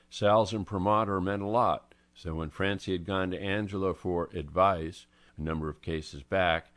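A man narrating a mystery story in a measured storytelling manner. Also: low voice, fairly bright tone. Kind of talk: story reading.

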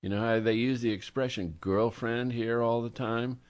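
A man reading an audiobook voices a sharp, wry woman investigator who talks briskly to a friend. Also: mid-range voice, fairly even intonation, clear, resonant tone, no room sound, voice pushed up, natural voice. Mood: joking.

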